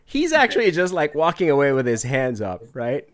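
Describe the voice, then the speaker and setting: A podcast host tells a story in a casual chat, speaking at normal speed with a fairly high pitch. He's animated, acts out quotes, and laughs often.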